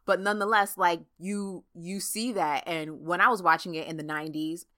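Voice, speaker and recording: Woman, podcast co-host, animated casual delivery, lowish bright voice. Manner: animated, talks fast with frequent fillers. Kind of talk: casual chat.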